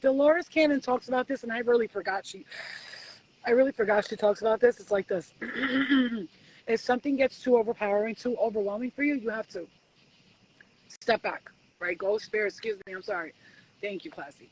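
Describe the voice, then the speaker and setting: Animated, swearing woman doing spiritual readings. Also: on the high side, brisk, vocal fry, low-quality recording. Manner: animated, swears freely, acts out talks with spirits. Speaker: spiritual reader. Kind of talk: casual live-stream chat.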